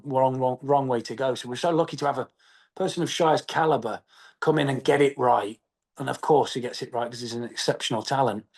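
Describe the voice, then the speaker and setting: An English actor talks in a casual interview. His voice sits a little high, and he speaks in animated bursts with lots of fillers and restarts. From England. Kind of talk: press junket interview.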